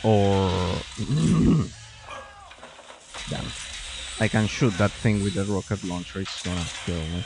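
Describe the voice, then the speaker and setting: This let's-play commentator has a fairly low, expressive voice, speaking slowly and pausing often. He chats casually about the video game he's playing, rambling, restarting, and muttering to himself.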